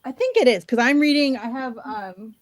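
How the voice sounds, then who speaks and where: A woman's voice: on the high side, big pitch swings, normal speed, no room sound. A woman hosting a live book chat, talking casually with lots of fillers and trailing-off thoughts. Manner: chatty, filler-heavy, trailing off. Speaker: livestream book-chat host.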